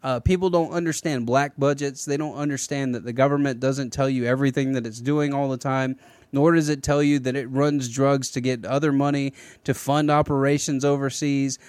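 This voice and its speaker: A man hosting a casual political podcast, talking in an animated, rambling way with many restarts. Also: mid-range voice, fairly quick, smooth, no echo. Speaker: podcast host.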